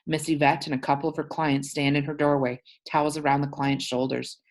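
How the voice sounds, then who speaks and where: Woman teacher, very deep voice, reads a novel aloud and explains words as she goes. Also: flat delivery, fairly quick. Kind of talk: reading a novel aloud to a class.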